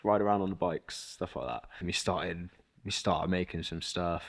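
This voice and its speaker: Low-voiced young man recounting a loss. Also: fairly even intonation, moderate pace, gravelly, fairly bright tone. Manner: casual, swearing, storytelling with quoted dialogue. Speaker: interviewee, rapper. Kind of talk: documentary interview.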